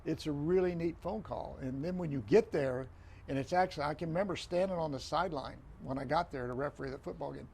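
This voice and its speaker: An older man tells his stories at a quick clip, his slightly high voice roughened with gravel. He is animated, repeats his phrases and acts out what people said. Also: a little hiss or hum. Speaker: guest, retired football referee. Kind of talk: storytelling in a podcast interview.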